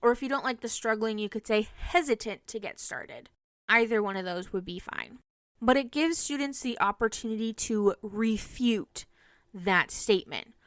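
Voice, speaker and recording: Young woman teacher, podcast host: earnest explainer, highish smooth voice, dry close mic. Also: normal speed, a bit bright, no echo. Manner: earnest, explanatory, demonstrates phrases.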